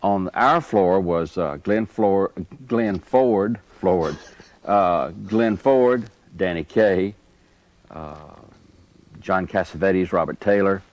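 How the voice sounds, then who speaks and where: A man being interviewed, telling lively anecdotes and chuckling as he goes. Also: low voice, takes it slowly, lo-fi sound. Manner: animated anecdote teller, chuckles through stories. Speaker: interview guest. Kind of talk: storytelling reminiscence.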